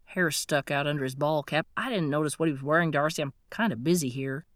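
A woman voicing a busy small-town cafe man with a hurried, folksy way of talking, close to her own low voice. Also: no echo, lightly acted.

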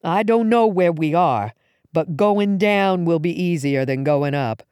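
A woman's voice: fairly low pitch, measured pace, a little mellow, smooth, dry recording, studio quality, close to an everyday voice. A woman reading aloud, voicing an anxious young woman who urges her mother to keep moving. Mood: urgent. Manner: urgent, pleading. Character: anxious young woman named Darcy, cautious.

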